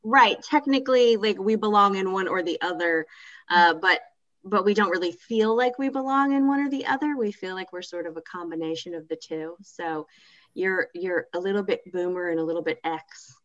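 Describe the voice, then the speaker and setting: A woman's voice: mid-range voice, moderate pace, fairly bright tone, highs cut off. Friendly woman podcast host in her forties. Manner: friendly, teasing, laughs often. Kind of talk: casual podcast chat.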